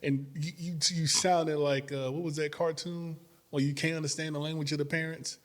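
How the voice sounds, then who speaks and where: A former fighter telling stories in a casual interview, acting out quotes and laughing often. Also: male voice, a little high, moderate pace. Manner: animated storyteller, acts out quotes, laughs often.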